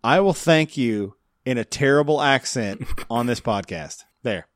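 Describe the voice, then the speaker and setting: Brief: male podcast host, jokey and quick to laugh, dry close-mic sound. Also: mid-range voice, expressive, no room sound. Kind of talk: casual podcast chat.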